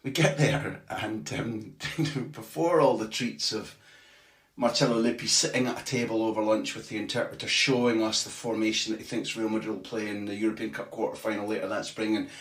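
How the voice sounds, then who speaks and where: A man who is a football journalist guest, telling a long anecdote in a lively way with casual swearing. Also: fairly low pitch, brisk. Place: tiny bathroom. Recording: echoey small bathroom.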